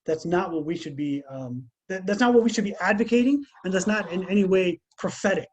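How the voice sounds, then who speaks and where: Guy teaching a class on a video call, chatty, high voice, bit husky. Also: brisk. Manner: conversational, animated storytelling with many restarts. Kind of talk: casual religious lesson.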